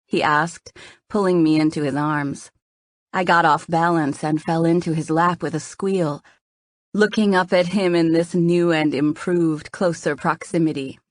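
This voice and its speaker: A woman narrating a first-person romance novel in a soft, intimate reading. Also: low-pitched, steady tone, measured pace, no room sound, clean studio sound. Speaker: audiobook narrator.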